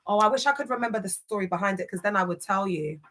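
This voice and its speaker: Woman, London accent, young adult, casual vlog, street slang, rhetorical questions, sharp bright tone. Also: mid-range voice, fast. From West London. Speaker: commentator on church cults.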